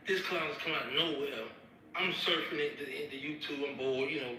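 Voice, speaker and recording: A man telling a rambling, slangy story in a casual, animated way. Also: on the high side, fairly quick, slight background noise. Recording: echoey with crowd behind.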